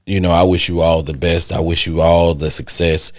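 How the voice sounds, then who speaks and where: A man hosting a podcast in casual chat, animated and swearing freely. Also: normal speed, dry recording, studio quality. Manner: animated, acts out reactions in a loud high voice. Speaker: podcast host.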